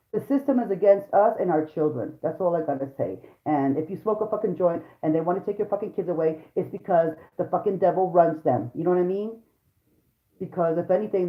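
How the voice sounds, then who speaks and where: Brisk and fairly low-pitched, a woman vlogger and mother fires off a heated, profane rant to camera, addressing viewers directly. The sound is dull, lo-fi, and roomy.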